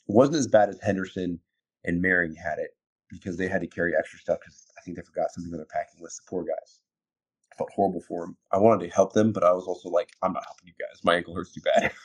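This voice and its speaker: A deep, low-pitched man speaks over what sounds like a phone, recounting his service days in an easygoing chat. He laughs often and acts out the back-and-forth of old conversations. The delivery stays loose and conversational. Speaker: interview guest, former Marine. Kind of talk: casual storytelling.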